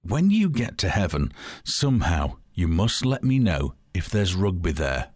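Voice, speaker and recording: A man playing an excitable old man in his nineties, a devoted rugby fan who talks with raised, eager energy. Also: sits low, measured pace, breathy edge, no echo, studio quality, exaggerated voice. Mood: earnest.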